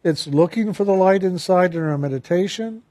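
A man calmly recounting a personal story and turning it into a spiritual lesson, earnest and reflective, slowing down on the phrases he wants to stress. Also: sits high. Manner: calm, earnest, reflective, with slowed emphasis on key phrases.

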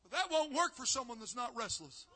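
High-pitched, fervent shouting preacher man. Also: very animated, a little fast, big-room sound. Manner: fervent shouted preaching, drops to a hushed storytelling tone. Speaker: youth conference preacher. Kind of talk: live sermon. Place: live church service.

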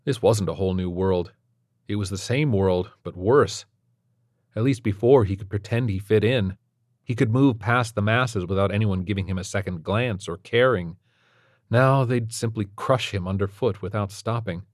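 A man narrating a story in a steady, measured way. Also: fairly low pitch, no room sound, studio quality. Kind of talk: scripted narration.

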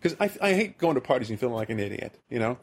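A man's voice: medium pitch, big pitch swings, racing. A man from the American Midwest hosting a podcast, telling a rambling, self-deprecating story in casual chat. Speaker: podcast host.

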